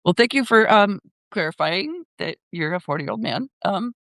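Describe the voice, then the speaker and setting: A man's voice: high-pitched, animated, moderate pace, gravelly, fairly bright tone, no room sound, studio quality. An older man hosting a casual live chat, rambling with lots of fillers and laughter. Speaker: live stream host.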